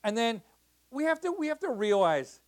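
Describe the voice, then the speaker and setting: A man's voice: extremely high pitch, very animated, moderate pace. A man preaching in a church as a missionary pastor, talking to the congregation in a conversational way with many restarts and "right?" checks. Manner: conversational, repeats words, asks the crowd "right?". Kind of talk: sermon.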